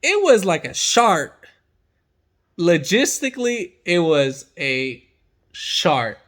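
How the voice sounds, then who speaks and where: An excitable young man spins a disgusting work story in relaxed slang, his slightly high voice jumping from loud bursts to mutters. He laughs often and leans on filler words as he tells it. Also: takes it slowly. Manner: animated, laughing, loose slang, big swings in loudness. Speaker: mechanic and channel host. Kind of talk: casual storytelling chat.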